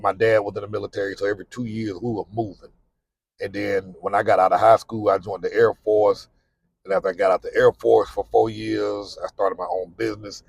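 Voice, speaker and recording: A middle-aged man with a lowish, gravelly voice drives as he gives candid, plain-spoken advice about living abroad, repeating himself often. The recording from the car is rough, with slight background noise.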